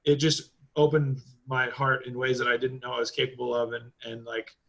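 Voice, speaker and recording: A man's voice: mid-range voice, flat delivery, normal speed, creaky, a bit bright, poor audio. A man on a podcast as a guest, chatting casually in a rambling way, with lots of fillers and loose swearing. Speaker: podcast guest, driving school owner.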